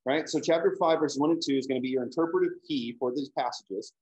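A man's voice: a little high, fairly quick, hardly any pauses, darkish tone, low-quality recording. A man giving a casual lecture on a Bible book, talking conversationally with frequent check-ins to his listeners.

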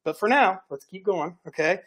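A man's voice: high voice, expressive, moderate pace. A male pastor preaching a sermon in a folksy storytelling way, often checking in with "right?" and "okay?". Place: church sanctuary.

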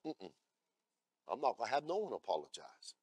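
A male pastor delivering a sermon, moving between loud scripture readings and blunt asides to the congregation. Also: medium pitch, sing-song, normal speed, breathy edge, no echo. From America. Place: church.

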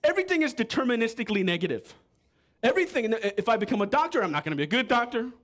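A man preaching a sermon as pastor, animated and joking with the congregation. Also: extremely high pitch, racing. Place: church.

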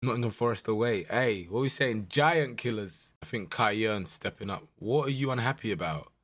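A young man giving live commentary over a football management game, swinging from muttered dread to shouted excitement. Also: on the low side, normal speed. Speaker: gaming YouTuber.

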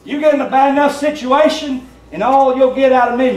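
High-voiced Southern pastor preaching. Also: male voice, unhurried, a little mellow. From Tennessee. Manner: plainspoken, folksy, conversational preaching. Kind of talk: sermon. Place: church sanctuary. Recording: roomy church sound from a distant mic, faint hum.

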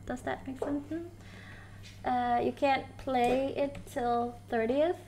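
Excitable woman game streamer, high voice, unhurried delivery, giggly live commentary. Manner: excitable, giggly, yelps when startled. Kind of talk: live gameplay commentary, chatting with viewers.

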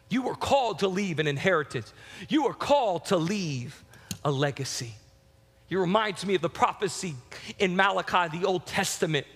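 A man preaching with a very high, bright voice that climbs and drops, hammering his points in casual repeated phrases. His words ring out with a long reverb through the church sanctuary. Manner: emphatic, repetitive, colloquial preaching. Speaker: pastor. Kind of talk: sermon.

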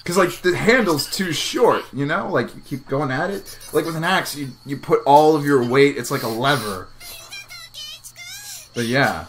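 A man giving live, chatty reaction commentary on an anime episode, excitable and thinking aloud with lots of fillers. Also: on the high side, a little slow, slight background noise.

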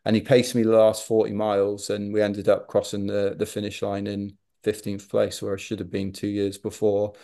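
A middle-aged man, a podcast guest, telling a running anecdote with animated self-deprecating humour. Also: lowish voice, normal speed, hardly any pauses. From Wales. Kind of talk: anecdotal storytelling.

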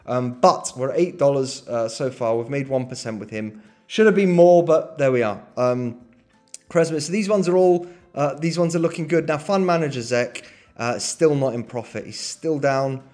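A man's voice: mid-range voice, normal speed, a little mellow. A man vlogging about his investments in a casual, think-aloud way, hesitant and second-guessing himself. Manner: thinking aloud, hesitant, full of ums and self-doubt. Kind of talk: casual screen-share commentary.

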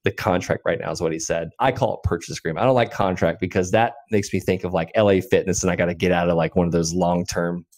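A man in his thirties, a podcast guest, telling a story with lively acted-out dialogue. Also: deep voice, fast talker, hardly any pauses. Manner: animated storyteller acting out dialogue. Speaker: podcast guest, land investor. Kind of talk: storytelling in an interview.

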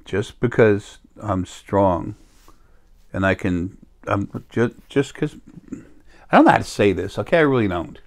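A man's voice: on the low side, expressive, a little slow, gravelly. A man in a rambling, self-interrupting casual monologue as a spiritual healer, recorded on a laptop or phone.

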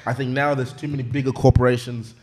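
A young man from Australia hosts a relaxed podcast chat at a middle pitch. He talks with animated emphasis, leaning on "man" as he drives his points home. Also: quick pace. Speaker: podcast host. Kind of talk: casual podcast conversation.

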